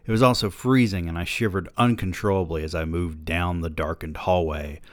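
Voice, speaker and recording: A man hosting a podcast, reading a novel aloud with wry, deadpan asides. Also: deep voice, normal speed, no room sound. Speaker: podcast host.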